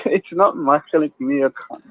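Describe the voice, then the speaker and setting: A man calling in to a live stream, blunt and quick to laugh. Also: on the high side, no echo. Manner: blunt, laughs often, swears habitually. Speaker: caller. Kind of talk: casual chat on a phone line. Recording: dry tinny phone line.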